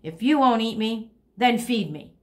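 A woman's voice: a little high, animated, a little slow, darkish tone. A woman voicing a bossy, hungry young female bird who can't fly, demanding and pouting.

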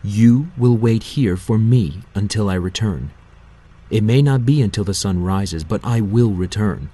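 A man reading an audiobook, voicing a menacing ancient male god of death who hisses slow threats. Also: fairly low pitch, warm tone, slightly rough. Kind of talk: audiobook character voice.

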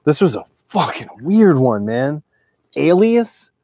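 Taking it slowly, a forty-something record collector speaks in a warm voice on the high side with big pitch swings; the studio recording is clean and echo-free. His rambling, digressive monologue is profane and full of filler.

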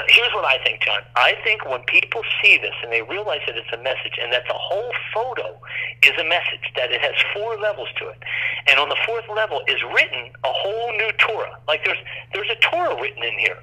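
A man's voice: a little high, very animated, a little fast, pushed and bright, breathy edge. A man telling a long, rambling story as an interview guest, acting out quoted voices, over a phone line.

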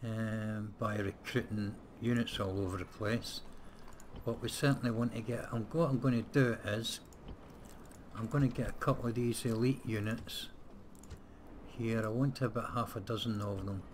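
There's a little hiss or hum behind this man's lowish, fairly even voice as he talks at a moderate pace. He's hosting a casual let's-play, voicing his thoughts while playing, hesitating a lot and swearing bluntly at times.

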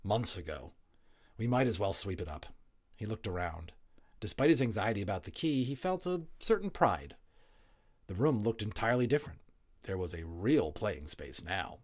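A man reading a novel aloud as an audiobook, relaxed, with chatty asides and small slips. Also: on the low side, moderate pace. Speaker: audiobook reader, voice actor.

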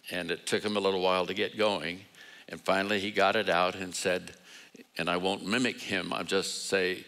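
An older man preaching a sermon in a low, bright, forceful voice. He tells stories conversationally, lifts into quoted dialogue with a bit of acting, and mixes in humor at his own expense. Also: vocal fry, poor audio. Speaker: guest preacher. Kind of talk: sermon with storytelling.

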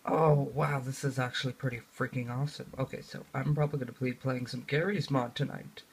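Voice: mid-range voice, steady tone, a little fast, slight background noise. Tired, rambling young vlogger. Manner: rambling and scatterbrained, jumps from loud outbursts to mumbled asides. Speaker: gaming vlogger. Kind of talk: casual rambling vlog to camera. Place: dim room at home.

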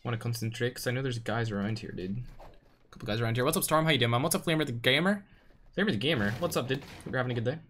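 A young man with a Northern Irish accent streaming a game live, reacting loudly and greeting chat in casual slang. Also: mid-range voice, rapid-fire, a little hiss or hum. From Northern Ireland. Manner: excitable, slangy, swings between loud outbursts and muttering. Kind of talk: live gameplay commentary with chat shout-outs.

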